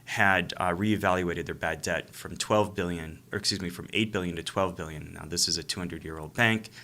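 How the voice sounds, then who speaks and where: Deep, bright-voiced man telling stories. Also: fairly quick. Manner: animated storyteller who acts out phone calls. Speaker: real estate investor and coach, interview guest. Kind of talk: casual storytelling in an interview.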